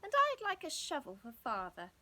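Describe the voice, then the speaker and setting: A woman's voice: sits high, huge pitch swings, normal speed, pushed and bright, pitched above the performer's own voice, full character voice. A woman voicing a sensible, earnest young boy in a children's story. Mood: eager.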